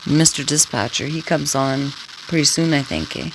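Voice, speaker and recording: Taunting her livestream audience and tagging her sentences with questions, this woman, who streams a scanner, keeps up a crude, rambling casual monologue. She has a low voice with lively intonation and a moderate pace, and there's noise in the background.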